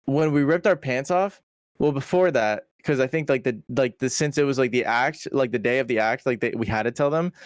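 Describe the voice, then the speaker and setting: A man's voice: mid-range voice, fairly quick, no room sound, studio quality. A young man as a podcast guest, telling a story in a rambling, slangy, swearing style with many restarts. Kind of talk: casual storytelling chat.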